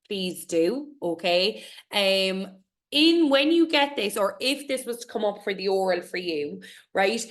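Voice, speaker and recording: A young Irish woman teaching a class and reading a poem aloud slowly and clearly. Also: medium pitch. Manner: encouraging, reassuring, models pronunciation slowly.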